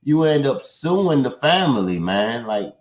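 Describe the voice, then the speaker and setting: A man of middle pitch hosting a casual livestream panel. He sounds animated and skeptical and swears freely. The sound is roomy and echoey. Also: measured pace.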